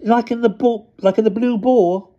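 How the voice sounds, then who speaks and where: A man reading aloud, voicing a sharp, scornful teenage boy who leads a gang. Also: steady tone, normal speed, dull audio. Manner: sharp, questioning, high-pitched.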